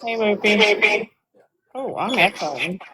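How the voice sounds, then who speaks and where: A woman's voice: mid-range voice, animated, takes it slowly, noisy background. A woman on a live stream reacting with short, casual remarks.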